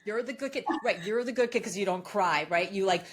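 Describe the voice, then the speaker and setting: Woman in her fifties, podcast guest, casual chat, lively, often laughing, frequent restarts. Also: medium pitch, a little fast, a crowd in the background. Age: 50s. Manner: animated, laughing, many restarts.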